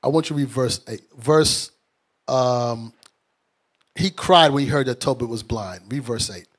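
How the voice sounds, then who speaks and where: A man leading a bible study, explaining scripture in lively colloquial talk and acting out the characters. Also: medium pitch, measured pace. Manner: animated, colloquial, acts out characters in street talk. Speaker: bishop teaching scripture.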